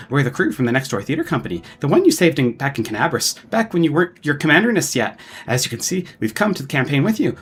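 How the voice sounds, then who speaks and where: Man reading as a chatty old dwarf woman director. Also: fairly high pitch. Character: fussy old female dwarf theater director, belligerent and chatty. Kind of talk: reading game dialogue aloud on a stream.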